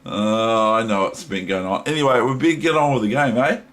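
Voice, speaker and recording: A man's voice: mid-range voice, a little fast, a bit bright, low-quality recording. An older man with a New Zealand accent, a chess teacher rambling casually and chatting to his toys with many ums. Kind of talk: casual vlog chat.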